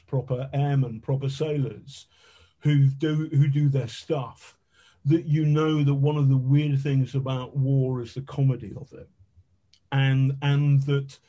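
A man's voice: medium pitch, dark tone. A middle-aged man telling vivid, self-mocking anecdotes as an interview guest, swearing freely. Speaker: guest, investigative journalist. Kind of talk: conversational storytelling.

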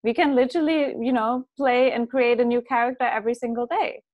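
A woman's voice: a little high, fairly even intonation, a little fast, narrow, tinny audio. A woman hosting a reflective conversation. She speaks thoughtfully and often adds "like" and "right?" as she goes. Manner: thoughtful, many "like" and "right?" fillers. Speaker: host.

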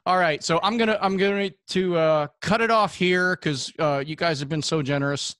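A man's voice: high-pitched, moderate pace, fairly bright tone, clear, resonant tone, dry recording, clean studio sound. A man hosting a casual podcast, chatting in an easygoing way with filler words. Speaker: podcast host and martial arts coach.

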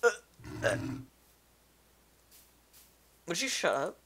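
A man's voice: on the high side, wildly swooping pitch, drawn-out words, sharp tone, breathy edge. A man giving casual gameplay commentary, rambling and easily distracted, talking to himself as he plays. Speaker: gamer.

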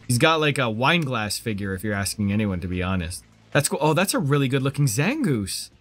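Lively joking male game streamer. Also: mid-range voice, fairly quick, faint music behind. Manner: joking and sarcastic. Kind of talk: casual gameplay commentary.

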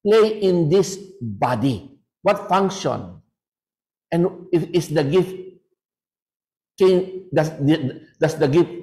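A man on a panel, adding to an answer in a halting way, tagging phrases with "no?". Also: a little high, dark tone, low-quality recording. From Philippines. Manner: halting, restarts, filler "no?". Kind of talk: answering a question in a panel talk.

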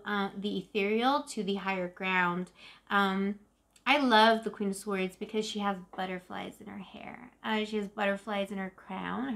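A woman's voice: mid-range voice, vocal fry, a bit bright. A woman in her forties doing a casual tarot reading to camera, chatty and emotive, often calling the viewer "boo-boo". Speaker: tarot reader.

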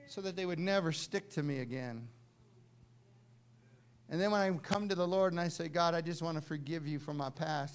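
High-voiced man preaching with big swings. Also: moderate pace, clean tone. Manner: animated preaching, swinging from soft asides to shouting. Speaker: pastor. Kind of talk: sermon. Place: church sanctuary.

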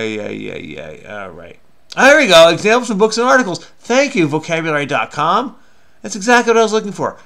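A man's voice: on the high side, very animated, normal speed, vocal fry, bright, forceful tone. A man hosting a crossword video, talking through his solve in a rambling, self-mocking, chatty way. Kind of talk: casual solo commentary while solving.

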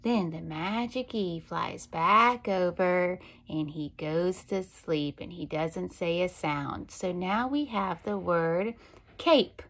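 Slow, sing-song woman teaching phonics. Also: fairly low pitch, a bit bright. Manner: slow, sing-song storytelling with drawn-out sounds. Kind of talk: phonics lesson for young children.

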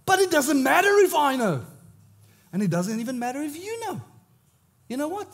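A male pastor with an Australian accent preaching a sermon, swinging between loud exclamations and hushed, intense moments. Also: very high-pitched, sing-song, normal speed.

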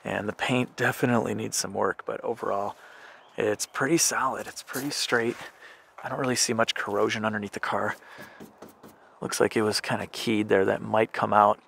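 Male vlogger, gravelly and bright, chatty inspection commentary outdoors. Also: lowish voice, steady tone, normal speed, a little hiss or hum. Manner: chatty, thinks aloud while inspecting. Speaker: car flipper vlogger. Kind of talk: casual walkaround commentary.

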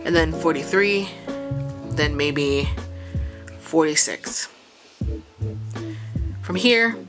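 A woman with a notably low voice walks through a sewing how-to in a relaxed, chatty way. She thinks aloud and restarts her sentences, and clearly audible mellow music plays under her talk. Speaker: sewing vlogger. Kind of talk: casual how-to explanation. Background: chill background music.

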